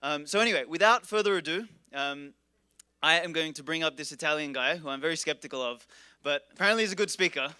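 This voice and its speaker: A man with a bright, clear voice introduces the next speaker at a conference. His delivery is casual and irreverent, full of crude jokes, and his sound is dry and close. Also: fairly high pitch, fast, no echo. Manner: irreverent, joking and profane. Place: conference stage.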